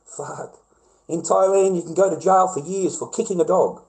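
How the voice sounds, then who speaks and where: A man with an Australian accent delivering an angry, profane rant to camera, often flaring into loud, high outbursts. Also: moderate pace, low-quality recording. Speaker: vlogger. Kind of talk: profane ranting monologue.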